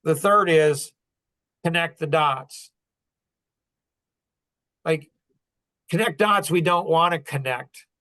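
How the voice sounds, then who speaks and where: A man's voice: fairly high pitch, slow pace, pauses often, bright, forceful tone. Earnest man in his sixties, rambling. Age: 60s. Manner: earnest, rambling, heavy use of "like". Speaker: podcast host. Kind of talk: casual reflective storytelling.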